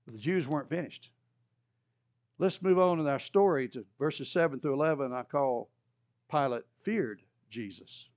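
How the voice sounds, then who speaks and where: A man preaching a sermon narrates scripture like a storyteller, acting out its characters' voices with rising pitch. His voice is a little mellow and moves at a normal speed, recorded with no room sound.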